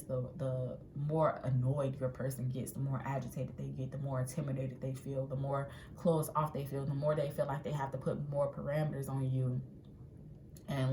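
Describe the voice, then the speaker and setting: A woman giving a casual tarot reading in a chatty, animated way, acting out what people might say. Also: extremely low pitch. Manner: chatty, animated, acts out quotes. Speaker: tarot reader. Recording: echoey room with faint ambient noise.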